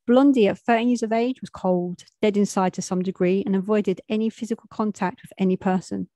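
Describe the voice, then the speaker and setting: A woman's voice: medium pitch, fairly even intonation, fairly quick, warm tone, no echo. A young adult woman, telling a street story in a plain, matter-of-fact way with street slang.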